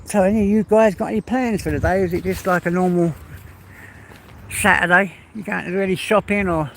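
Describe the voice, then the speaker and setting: A man's voice: high-pitched, steady tone, brisk, gravelly, fairly bright tone, slight background noise, low-quality recording. An English man hosting a casual outdoor livestream chat, slightly out of breath, rambling and down-to-earth. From England. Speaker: livestream host. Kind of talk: casual walk-and-talk chat.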